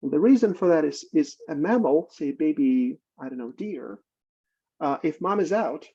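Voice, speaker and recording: A man's voice: a little high, lively intonation, normal speed, breathy edge. A man giving a seminar lecture as a clinical psychologist, explaining with everyday examples and checking in with "right?". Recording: muffled lo-fi recording.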